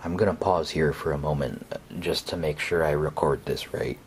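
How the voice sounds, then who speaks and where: A man narrating a first-person horror story in a hesitant, conversational way, with fillers and pauses. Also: very deep voice, slight background noise.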